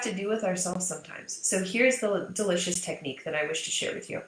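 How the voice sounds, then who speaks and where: A woman's voice: fairly low pitch, fast talker. A woman in her thirties, a business mindset coach, talking casually and candidly to her audience, swearing freely and repeating points for emphasis. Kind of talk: casual motivational talk to camera. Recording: echoey room.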